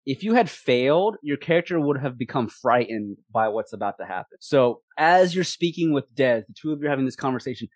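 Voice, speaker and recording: Brief: man, game master for a tabletop game, lively narration, stumbles and repeats, dry voice-chat sound. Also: medium pitch, fairly quick, hardly any pauses, no echo. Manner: animated, repeats words, laughs easily.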